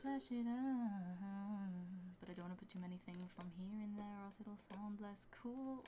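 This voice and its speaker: A woman's voice: mid-range voice, fast talker, mellow. Chatty woman streaming over music. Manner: chatty, rambling, lots of fillers, reads chat aloud. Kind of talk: casual live-stream chat while producing music. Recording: music playing behind the voice.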